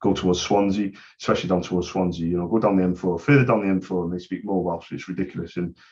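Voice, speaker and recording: Chatty fast-talking salesman on a call. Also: sits low, fairly even intonation, darkish tone, lo-fi sound. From West Yorkshire, England. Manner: chatty, persuasive, rambling, says "mate" often. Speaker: printer supplies salesman. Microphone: phone call.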